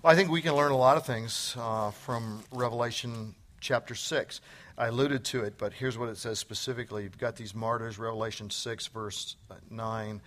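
A man's voice: mid-range voice, fairly even intonation, moderate pace, fairly bright tone. A man giving an earnest, emphatic sermon on a church stage, often quoting scripture, then answering questions. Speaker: Bible teacher. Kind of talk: sermon then onstage conversation.

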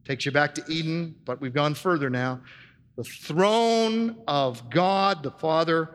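A man's voice: fairly high pitch, lively intonation, measured pace, a bit bright, big-room sound. A man preaching a sermon in a church, teaching earnestly and posing rhetorical questions to his congregation. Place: church with handouts for listeners.

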